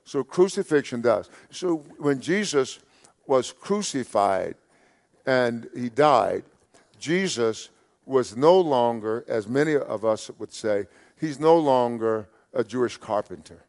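A man preaches in a mid-range voice, neither high nor low. He hammers phrases by repeating them and lifts his voice loud when quoting scripture. At the end of a thought he often drops soft and low. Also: lively intonation, slow pace. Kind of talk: sermon.

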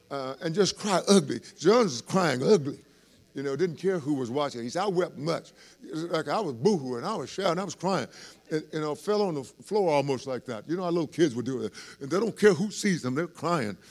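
A man's voice: fairly high pitch, brisk. Man preaching with rising fervor. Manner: lively preaching with swells in volume and laughter; conversational asides to the congregation. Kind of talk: sermon.

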